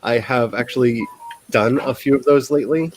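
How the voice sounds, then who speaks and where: A man's voice: medium pitch, fairly even intonation, moderate pace, slight background noise, poor audio. A man hosting a casual writing sprint livestream, rambling and self-deprecating and laughing often.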